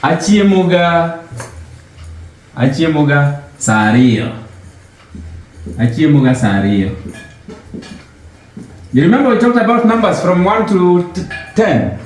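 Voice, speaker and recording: A man teaches slowly and patiently, with a lively, rising and falling voice. His pitch sits a little high for a man, and he keeps quizzing his learner and saying each word again. The sound bounces heavily around the room, with a faint hiss underneath. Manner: patient, questioning, repeats words for the learner. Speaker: language teacher. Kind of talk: informal language lesson. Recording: very echoey room.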